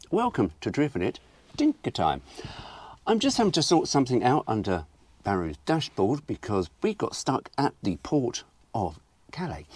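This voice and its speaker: A man hosting a casual car vlog, animated and jokey, rambling from one aside to the next. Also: mid-range voice, no echo. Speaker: host.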